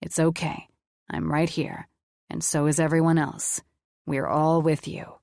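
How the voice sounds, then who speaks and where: A woman voicing a calm, tender man who speaks softly and steadily to reassure his partner in an audiobook. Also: deep voice, unhurried, vocal fry, no room sound. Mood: soothing.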